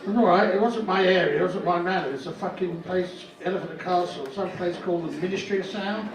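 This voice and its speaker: An older man doing a stand-up comedy set, telling crude stories in a deadpan way and landing sudden loud punchlines. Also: sits high, fast talker. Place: comedy club stage. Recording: roomy live venue, distant mic, loud crowd noise.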